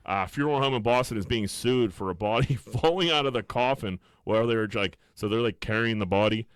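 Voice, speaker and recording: A man's voice: lowish voice, a little fast, clean tone, dry recording, studio quality. A man co-hosting a podcast in casual chat, cursing freely and acting out quotes. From Pittsburgh area. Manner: animated, swearing, acts out quotes. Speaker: podcast co-host.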